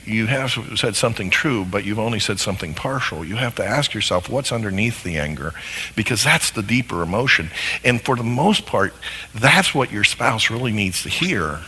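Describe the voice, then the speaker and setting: A man's voice: on the low side, pushed and bright, slightly rough. A man teaching a lesson on marriage who often asks his listeners rhetorical questions. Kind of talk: lecture on marriage. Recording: long hall reverb.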